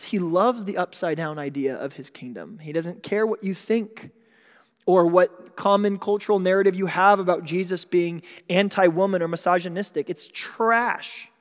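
A male pastor preaching in a church, his voice sitting a little high for a man. He talks in a lively, conversational way, breaking into jokes and quick asides. A long reverb trails behind every line. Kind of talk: sermon. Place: church sanctuary.

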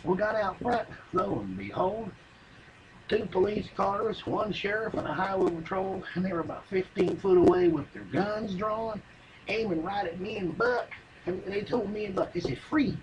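A man's voice: sits high, expressive, moderate pace, a crowd in the background, rough recording. A man telling a rambling, profane comic yarn in folksy, drawling speech. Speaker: comedian telling a story. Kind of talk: stand-up comedy monologue.

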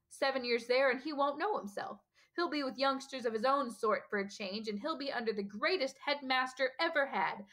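A woman voicing a huge, bearded male gamekeeper who is gruff but kindly and speaks in a rough, folksy country dialect. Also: on the high side, fairly bright tone, lightly acted. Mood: defiant.

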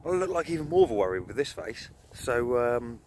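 A man's voice: medium pitch, big pitch swings, a little fast, a little mellow, a little hiss or hum. Chatty man vlogging outdoors. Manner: chatty, storytelling, frequent fillers. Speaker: motorcycle camping vlogger. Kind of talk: casual vlog to camera. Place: outdoors at a moorland campsite in winter.

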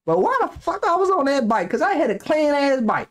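This young man's reaction-video hosting is casual and full of profanity, laughter, and meandering side stories. His very high-pitched voice moves at a quick pace with few pauses, and his manner is animated.

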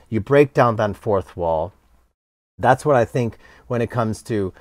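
A middle-aged man, a cello teacher, talking casually in an interview and acting out his students in quick quoted voices. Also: mid-range voice, dry recording, clean studio sound.

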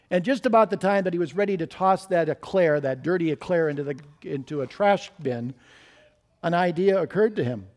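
A male pastor with a fairly high, slightly mellow voice preaches a sermon in a church sanctuary. He earnestly tells stories, poses questions to the congregation, and urges them to listen carefully.

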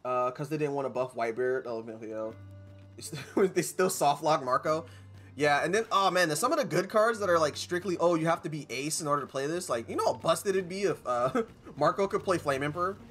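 A man's voice: fairly high pitch, fairly quick, fairly bright tone. A man streaming a video game, rambling and joking with his chat in casual commentary. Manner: rambling, jokey, talks to chat.

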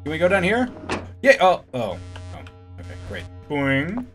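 A man's voice: sits high, huge pitch swings, moderate pace, fairly bright tone, faint music behind. A man giving casual let's-play commentary, joking and sarcastic, with swearing and sudden yelps. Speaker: gaming channel host.

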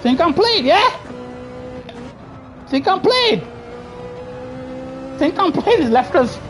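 A woman doing live racing gameplay commentary, excitable and trash-talking other drivers, bursting into shouts. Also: very high-pitched, slow, faint music behind. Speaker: gaming streamer.

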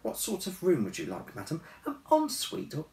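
A drowsy lemur concierge with a raised, drawling voice, as a man reads him aloud. He sounds weary and slow to get going. The recording is roomy and distant, with a faint hiss. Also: fairly high pitch, huge pitch swings, vocal fry, a little mellow, pitched above the performer's own voice, full character voice. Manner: weary, yawning, sluggish. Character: sleepy male ring-tailed lemur concierge. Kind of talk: storybook reading.

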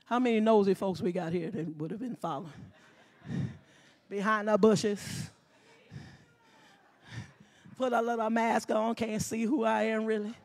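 A woman pastor, preaching a lively sermon, acting out scenes and often shouting. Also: fairly high pitch, unhurried, pauses often. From Mississippi.

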